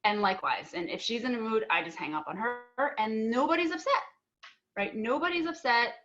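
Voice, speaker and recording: A woman's voice: a little high, lively intonation, brisk, highs cut off. A young adult woman on a panel, earnestly telling a personal story and acting out both sides of an argument, with filler words and restarts. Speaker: panel speaker.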